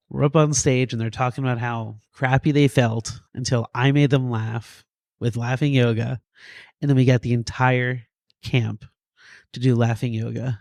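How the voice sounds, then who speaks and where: A man in his thirties, a medic and doctor, tells stories in a podcast interview with a goofy, lively streak and acts out the voices of the people in them. His voice sits at an ordinary middle pitch. The sound is dry and close. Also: gravelly, no echo. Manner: animated, goofy storyteller who acts out quotes. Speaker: paramedic and EMS physician guest.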